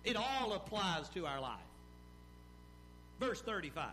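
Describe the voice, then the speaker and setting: A man preaching a sermon in an animated style, with rising emphasis and pauses. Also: sits high, soft background music. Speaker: pastor.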